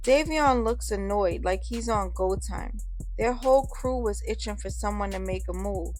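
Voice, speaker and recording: Woman reading a street story out loud, casual slang, middle pitch, soft music under it. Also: normal speed. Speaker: narrator. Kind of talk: first-person story narration.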